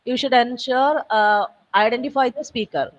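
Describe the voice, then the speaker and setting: A woman giving patient, step-by-step software training over a video call, with frequent fillers. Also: on the high side, moderate pace, distant mic, lo-fi sound. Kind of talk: online training session walkthrough.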